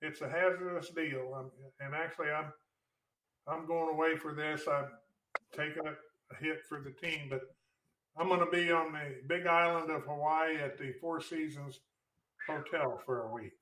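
Bright-voiced man in an echoey room. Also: on the high side, steady tone, normal speed, recorded from a distance, a little hiss or hum. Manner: jokey, laughs often, trails off mid-sentence. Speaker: co-host. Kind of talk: casual chat.

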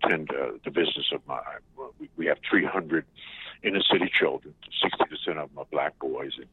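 A man calling in as a guest on a talk show, speaking haltingly with many repeated starts and fillers. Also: very deep voice, husky, no echo. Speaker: phone-in guest. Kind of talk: casual talk-show chat. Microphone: phone call. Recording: narrow phone line, dry and muffled.

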